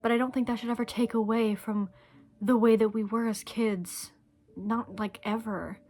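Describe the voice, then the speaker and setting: A woman's voice: a little high, steady tone, normal speed, a little mellow. A young adult woman talking straight to camera in an earnest, rambling, emotional way, swearing casually as she shares her thoughts. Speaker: vlogger. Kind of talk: heartfelt direct-to-camera monologue.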